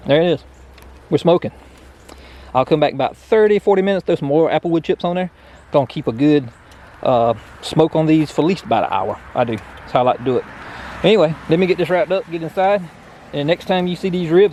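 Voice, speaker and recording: Man, folksy cooking vlogger, fairly high voice, faint background noise. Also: darkish tone. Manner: folksy, talks with food in his mouth. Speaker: cooking channel host. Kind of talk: casual cooking vlog. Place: outdoors in the rain, then indoors.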